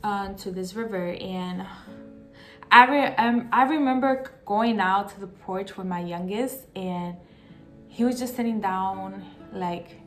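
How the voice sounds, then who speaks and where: A young woman telling a personal story in a vlog, halting and emotional, fighting back tears, with many fillers and restarts. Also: mid-range voice, fairly bright tone, faint music behind. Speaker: vlogger.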